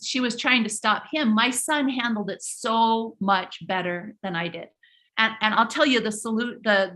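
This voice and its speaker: A middle-aged woman hosts a live online workshop, telling stories in an animated way and often addressing viewers directly. Her voice is high and bright. She restarts phrases often as she talks. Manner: animated, speaks directly to the audience, frequent restarts. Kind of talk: live webinar storytelling talk.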